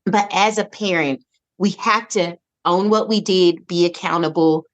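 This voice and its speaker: A woman guest on a podcast, telling her parenting story in an expressive, animated way, with frequent restarts. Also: lowish voice, measured pace. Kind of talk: casual conversational interview.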